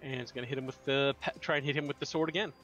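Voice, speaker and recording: Bright-voiced, jokey male player. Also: medium pitch, fairly even intonation, rapid-fire, soft background music. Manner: jokey, playful, rambling. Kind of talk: casual tabletop play.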